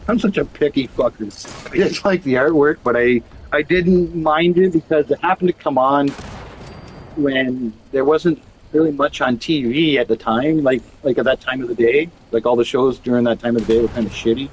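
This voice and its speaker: A man talking loosely over a game session, circling back on his own words and cursing freely. His voice sits at an ordinary middle pitch, with a faint hiss of background noise behind it. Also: normal speed, low-quality recording. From Canada. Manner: rambling, profane storytelling with many restarts. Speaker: streamer chatting while gaming. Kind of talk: casual chat.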